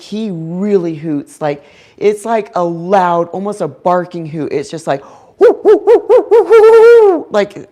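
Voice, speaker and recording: A woman's voice: fairly low pitch, darkish tone. A young woman chatting casually on her livestream about her pet owl, with giggles and lots of "like" fillers. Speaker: owl keeper and channel host.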